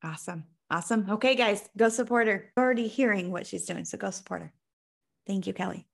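A woman hosting a podcast, talking in a casual, upbeat, effusive way and quick to praise her guest. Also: mid-range voice, gravelly. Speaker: podcast host. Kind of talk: casual interview chat.

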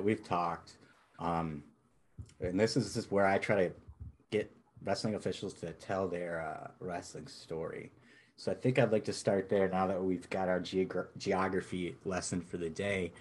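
A man from Wisconsin hosting a podcast interview, chatty and jokey, rambling as he goes. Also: sits low. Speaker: podcast host. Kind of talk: casual interview chat.

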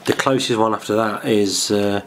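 A man's voice: fairly low pitch, steady tone, normal speed, slight background noise. Chatty, laughing podcast co-host man. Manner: chatty, laughs often, muses aloud. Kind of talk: casual podcast chat.

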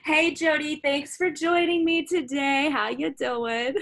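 A woman's voice: sits high, fairly even intonation, measured pace, gravelly, a bit bright. A woman with a Texan accent hosting a faith podcast, talking with enthusiasm. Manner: enthusiastic, upbeat. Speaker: podcast host.

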